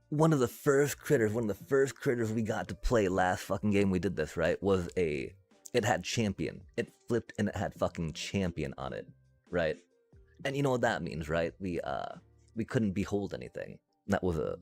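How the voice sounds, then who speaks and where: A man's voice: low voice, very animated, normal speed, vocal fry, faint music behind. A man streaming a card game, ranting and swearing in casual commentary. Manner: frustrated, swears constantly, rants.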